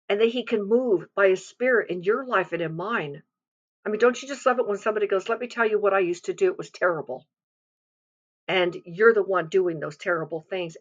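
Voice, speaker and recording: A woman's voice: mid-range voice, a bit bright, lo-fi sound. Earnest woman giving a devotional. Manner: earnest, confiding, with frequent restarts. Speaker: devotional speaker. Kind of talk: personal devotional sermon.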